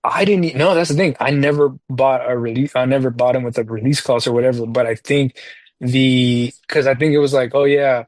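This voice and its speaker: A man's voice: mid-range voice, a little fast, a little mellow, no room sound. A man, a parent, chatting casually on a podcast, telling a long story with lots of fillers and slang. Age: adult parent. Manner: rambling, loose delivery full of fillers and slang. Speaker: podcast co-host talking soccer video games.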